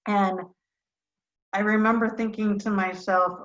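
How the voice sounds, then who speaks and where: Middle-aged woman, animated storyteller, bright forceful voice, lo-fi video call audio. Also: medium pitch, measured pace. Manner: animated, self-deprecating storyteller. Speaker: guest, retired fighter pilot.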